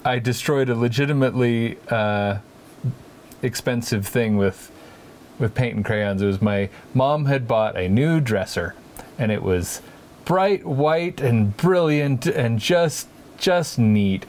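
A man's voice: mid-range voice, slow pace, a little mellow, a little hiss or hum. A man hosting a casual art chat, telling stories and explaining ideas in a playful, rambling way with many restarts. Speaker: podcast host, artist.

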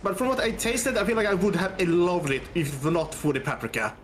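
A man's voice: high-pitched, fairly quick, a little hiss or hum. A man co-hosting a game stream, chatting casually and drifting into digressive stories. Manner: storytelling, animated, digressive. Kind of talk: casual chat.

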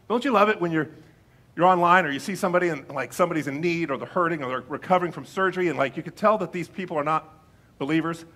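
Bright, husky-voiced male pastor preaching. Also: fairly high pitch. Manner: conversational preaching with playful asides; reads scripture slowly and deliberately. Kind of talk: sermon.

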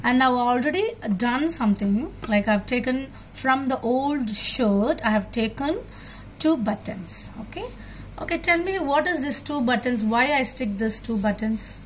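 A woman's voice: on the high side, lively intonation, unhurried, slight background noise. A woman demonstrating a children's craft, talking patiently and asking the children questions as she works.

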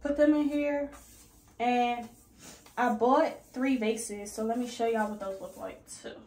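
A young woman in her twenties chatting casually in a slangy, animated way while organizing her bathroom. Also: measured pace, reverberant. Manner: chatty, slangy, animated with sudden high squeals. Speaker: lifestyle vlogger. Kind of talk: casual organizing vlog chat. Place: bathroom at home.

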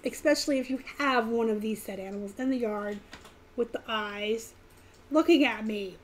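A woman hosting a casual live stream, talking in a chatty, animated way with bursts of fast talk. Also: a little high. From Pittsburgh area, US. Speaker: live stream host, reseller.

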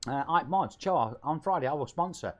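A man in his forties from England with a British accent, chatting on his live game stream with excitable shout-outs and banter. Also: fairly high pitch, normal speed. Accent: British English. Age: 40s. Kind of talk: lively live-stream chat. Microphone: home streaming microphone.

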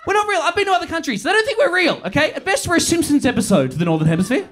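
An Australian man doing a stand-up comedy set, loud and profane, often yelling his punchlines. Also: very high voice, big pitch swings, very fast. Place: theatre stage before a live audience. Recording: live stage recording with loud crowd laughter.

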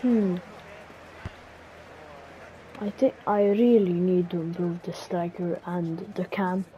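Slow-talking woman calling a football game. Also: fairly low pitch, steady tone. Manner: self-critical, muttering to herself between calls. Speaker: gaming channel host. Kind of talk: play-by-play commentary over a football video game. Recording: dull lo-fi recording, faint hiss.

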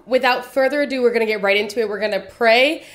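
A woman's voice: a little high, quick pace. A young woman hosting her own faith channel, talking casually and expressively, then leading a prayer. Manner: expressive, emotional, chatty. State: teary after crying. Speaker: faith vlogger. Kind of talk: casual devotional talk with prayer.

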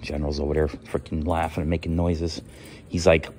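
Husky man telling a shop story. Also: fairly quick. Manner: animated, quotes others with pitch jumps. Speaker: vlogger in his shop. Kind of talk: casual storytelling. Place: workshop.

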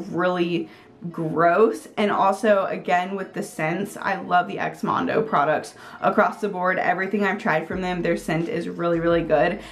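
A woman vlogger giving a casual product review, chatty and upbeat, with plenty of "like" and "um". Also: mid-range voice. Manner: chatty, filler-heavy with frequent "like" and "um"; upbeat, gushing. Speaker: beauty vlogger.

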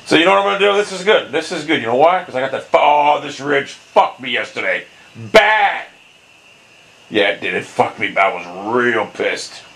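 A young man commentating his own golf video game, hot-tempered and swearing constantly, often bursting into angry shouts. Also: fairly high pitch, very animated, fairly quick, vocal fry, rough recording. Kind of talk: live gameplay commentary.

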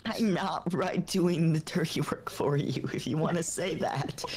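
A player at a tabletop game, talking casually in a dry, teasing way at a middling pitch. The remarks come flat and wry. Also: unhurried, husky.

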